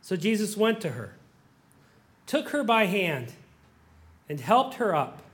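High-voiced preacher swinging quiet to pleading. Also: male voice, sing-song, slow. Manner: swings from quiet musing to loud impassioned pleading; acts out prayers in a pleading voice. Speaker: pastor. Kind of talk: sermon.

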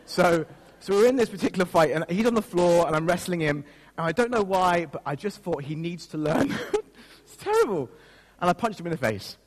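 A man's voice: sits high, animated, brisk. A man pastor giving a sermon, telling a personal story in a self-mocking way and laughing at himself. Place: church. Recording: long reverb of a church hall.

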